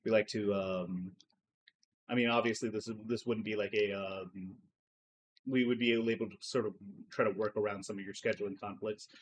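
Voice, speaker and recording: A man's voice: lowish voice, fairly even intonation, normal speed, lightly acted. A man voicing a nervous, sweating male company recruiter who stammers and keeps losing his train of thought. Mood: flustered.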